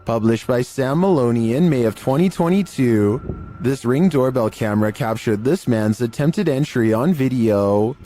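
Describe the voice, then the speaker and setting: A man reading scripted narration for a compilation of eerie clips, in an even, measured delivery. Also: mid-range voice, a little hiss or hum.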